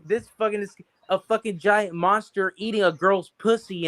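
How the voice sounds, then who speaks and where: Man podcast co-host, raised pitch, profane and rambling, loose casual chat. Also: normal speed. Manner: profane, rambling, animated storytelling.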